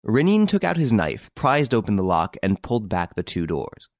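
A male audiobook narrator with a low voice and animated, expressive delivery. His reading moves through wide swings in pitch as he tells the story. The recording is dry, with no room sound. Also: normal speed, dry recording.

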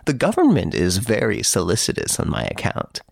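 A man doing a suave, teasing gentleman thief. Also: on the low side, wildly swooping pitch, moderate pace, creaky, dry recording, clean studio sound, exaggerated voice. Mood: mocking, playful. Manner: playful, teasing, boastful. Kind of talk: audiobook character reading.

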